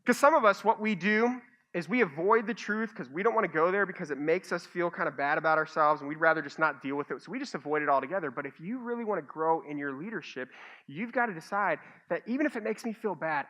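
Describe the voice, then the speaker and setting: A male pastor delivering a sermon from a church stage. His voice is bright and forward, and he moves between earnest appeals and self-mocking stories told with plenty of animation. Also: fairly high pitch, lively intonation, a little fast, lo-fi sound.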